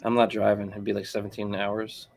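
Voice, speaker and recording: A man's voice: lowish voice, completely flat delivery, fairly quick, creaky, a little mellow. A man co-hosting a casual sports chat, rambling and filling his talk with "like" and "bro". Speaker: podcast co-host.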